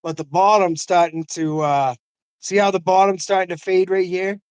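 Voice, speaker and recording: A man's voice: high-pitched, fairly even intonation, normal speed, darkish tone, smooth, dry recording. An older man in casual conversation, telling stories earnestly with frequent "you know what I mean" asides. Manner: laughs often. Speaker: host.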